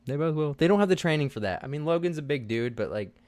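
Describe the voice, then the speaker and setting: A man's voice: on the high side, expressive, fast, darkish tone, no room sound. A man co-hosting a casual podcast, laughing often, repeating words and swearing casually. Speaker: podcast co-host. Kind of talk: casual chat.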